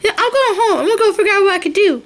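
A woman voicing a chatty, girly female Easter egg who talks in excited, gushing bursts. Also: very high voice, racing. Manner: gushing, excitable girlfriend talk.

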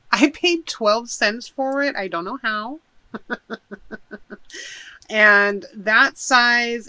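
Chatty woman unboxing stuff at home, bright voice, gushes and rambles as she goes. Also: medium pitch, slight background noise, poor audio. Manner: chatty, gushing, thinks aloud while unpacking. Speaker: haul vlogger. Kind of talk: casual unboxing chat.

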